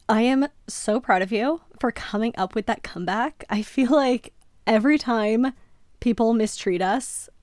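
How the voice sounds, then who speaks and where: A woman podcast host reads a listener's story aloud on a podcast microphone, then reacts to it with lively, emphatic comments. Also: medium pitch, creaky, no echo, studio quality.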